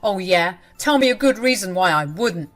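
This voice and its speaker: A woman's voice: medium pitch, expressive, moderate pace, soft background music, lightly acted. Woman voicing Terence, a furious cheating husband. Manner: shouting and indignant. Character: cheating husband, man, angry then pleading. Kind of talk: dramatic storytelling.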